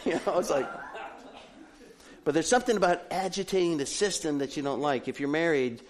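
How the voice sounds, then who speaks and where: A middle-aged male pastor delivering a sermon with a lively, swooping delivery. His voice sits a little high for a man, and he tells stories with playful, humorous asides. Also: fast. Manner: animated storytelling with humorous asides.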